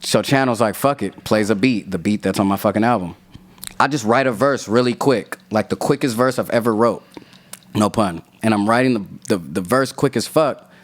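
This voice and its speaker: A man's voice: on the low side, moderate pace. A man, a rapper guest on a podcast, telling a long profane story in casual talk and acting out other people's lines.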